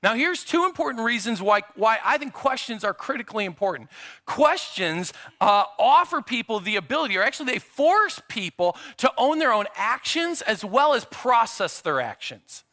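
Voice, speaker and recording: A man's voice: extremely high pitch, big pitch swings, moderate pace, sharp tone. A middle-aged man preaching a sermon in a church, conversational and acting out quotes from his children. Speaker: pastor. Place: church sanctuary.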